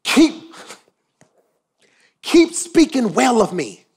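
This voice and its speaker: A male pastor preaching a sermon, swinging from quiet asides to shouted emphasis and repeating phrases for effect. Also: very high voice, sing-song, very slow, vocal fry, breathy edge.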